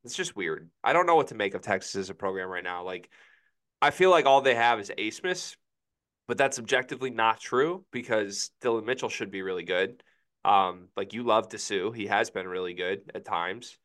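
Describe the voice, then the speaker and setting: A young man co-hosting a relaxed sports podcast. His voice sits a bit low. He weighs his takes out loud and often admits he isn't sure. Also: moderate pace. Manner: hedging, thoughtful, many "I don't know"s. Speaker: podcast co-host. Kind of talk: casual sports podcast chat.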